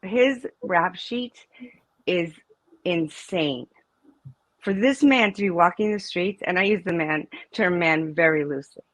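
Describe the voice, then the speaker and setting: A woman's voice: on the low side, a little slow, no room sound, poor audio. Emphatic middle-aged woman, dry close sound. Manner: emphatic, storytelling, with many restarts. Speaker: interview guest, mother of a student. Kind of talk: casual interview conversation.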